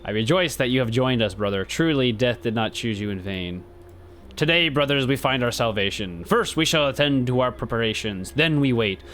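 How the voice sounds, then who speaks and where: A man's voice: mid-range voice, lively intonation, moderate pace, a bit bright, slight background noise, lightly acted. A man voicing a solemn male cult leader, preaching about death in a grave, archaic way, with faint game music behind. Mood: exalted. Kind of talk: reading game dialogue aloud.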